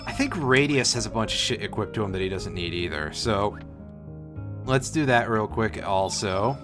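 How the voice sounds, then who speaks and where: A man with a fairly low voice plays through a role-playing game on stream, murmuring the on-screen text and tossing in jokes and curses. His pitch jumps around expressively. Faint music plays under him. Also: animated, normal speed. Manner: reads game text aloud in a low mutter, jokes and swears. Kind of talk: casual let's-play commentary.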